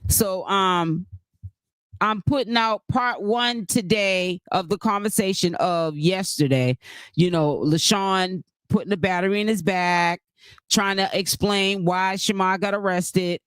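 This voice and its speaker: A casual live-stream commentator talks at a middle pitch, rambling through points with plenty of fillers and restarts. The host keeps breaking off to thank and greet viewers by name from the chat. The sound is close and dry, with no room around it. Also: fairly bright tone, clear, resonant tone, no echo.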